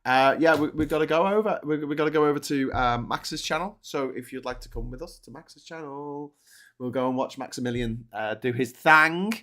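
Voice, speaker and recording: A man's voice: a little high, normal speed, bright, forceful tone. A British man co-hosting a live news stream in casual chat, rambling, restarting his sentences and cracking jokes. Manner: rambling, self-correcting, jokey.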